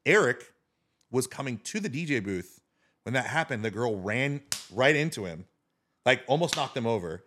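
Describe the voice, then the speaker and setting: Lively, swearing man telling a story. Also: mid-range voice, moderate pace. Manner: animated, swearing, talks with his hands. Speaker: podcast guest, DJ. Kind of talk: casual storytelling.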